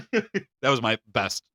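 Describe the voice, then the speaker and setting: Lively bright-voiced man hosting a podcast. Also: medium pitch, moderate pace, no echo, studio quality. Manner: reads from notes, laughs often, stumbles on names. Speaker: podcast co-host. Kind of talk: casual podcast chat.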